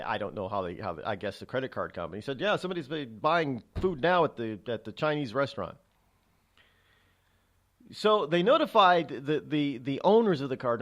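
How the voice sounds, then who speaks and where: A male talk radio host tells a story in an amused, rambling way. He stumbles and restarts often, and his pitch swings widely as he talks. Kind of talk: casual radio monologue.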